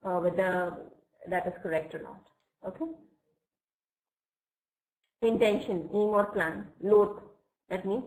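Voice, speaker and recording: A woman teaching English vocabulary in a live online class. She explains each word slowly and patiently and often checks with "okay?". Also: medium pitch, a little mellow, low-quality recording.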